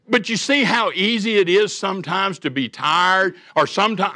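A man's voice: sits high, expressive, brisk, hardly any pauses, sharp tone, no room sound, clean studio sound. An older man, preaching a sermon as a church elder, with folksy storytelling and homespun humor.

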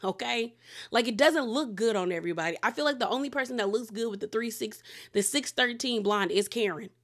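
A woman from the Washington DC area giving a chatty, opinionated recap of a reality show, her pitch jumping up when she gets excited. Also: a little fast. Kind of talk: casual recap commentary.

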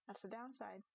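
A young woman chatting casually on a live game stream, giggly and animated, talking to her viewers and her cat. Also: medium pitch, creaky, low-quality recording. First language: English. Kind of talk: casual live-stream chat while gaming.

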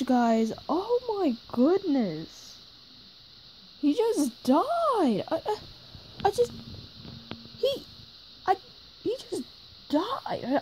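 A woman voicing an older male scientist, gruff but soft-hearted, who talks emotionally, stammers and keeps exclaiming. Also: sits high, a little hiss or hum, exaggerated voice, poor audio. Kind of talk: fan voice acting.

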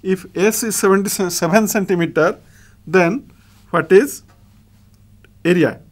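Slow Indian English maths teacher, man. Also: sits high. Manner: slow, step-by-step dictation while writing. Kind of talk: blackboard maths lesson.

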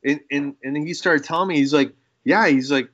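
A man's voice: fairly high pitch, normal speed, dry recording. A man who is a guest on a podcast about special effects makeup, chatting casually and telling stories with quoted dialogue. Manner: animated storyteller acting out quoted dialogue. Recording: dull dry lo-fi sound.

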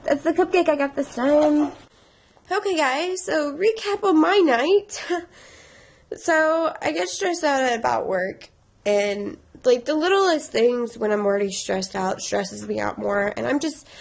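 A woman's voice: sits high, lively intonation, measured pace, creaky. A young woman vlogging casually, rambling and emotional, tearful and stressed while laughing through it. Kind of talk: casual confessional vlog.

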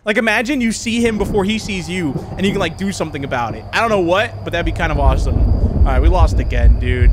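A man's voice: on the high side, animated, fast, background noise. A young man commenting on a horror game as he plays, jumpy and joking, laughing often. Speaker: gaming youtuber.

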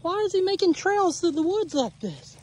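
A woman's voice: extremely high pitch, very animated, normal speed. A woman vlogging from her homestead pasture, chatting casually and talking fondly to her cattle. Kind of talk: casual farm vlog narration. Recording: outdoor recording with loud engine noise.

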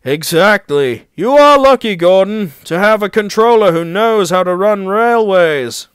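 A man's voice: high-pitched, expressive, measured pace, clear, resonant tone, dry recording, voice pushed up. A man voicing a famous, cheerful male express engine who talks in a breezy, confiding way.

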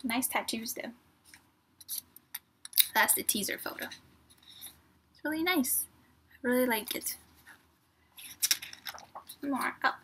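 A woman vlogger with a slightly high voice talks casually through an unboxing. She gushes with excitement, reads printed lines aloud, and now and then drops to a soft near-whisper. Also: takes it slowly, pauses often, slight background noise. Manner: gushing, excitable fan talk.

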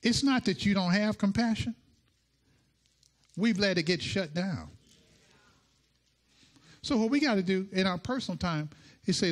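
A male pastor delivering a sermon, playful and animated, acting out quotes as he teaches. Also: sits high, a little slow, long pauses.

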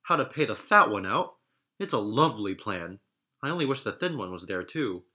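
A man voicing a small, excitable male steam engine who complains in a high, childlike way. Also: moderate pace. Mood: gleeful. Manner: shrill, indignant, childlike complaining. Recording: narration over loud music.

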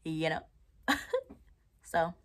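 This twenty-something Southern American vlogger talks in a deep, monotone voice with a bit of brightness, drawing out her words. She chats casually with viewers while removing twists, tossing in playful asides and laughs.

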